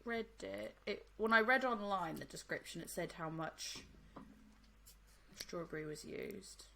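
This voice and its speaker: Woman cohosting a drinks podcast, chatty, laughs a lot, animated. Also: mid-range voice, a little slow, vocal fry, a little hiss or hum. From United States. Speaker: podcast co-host. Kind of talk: casual chat tasting drinks.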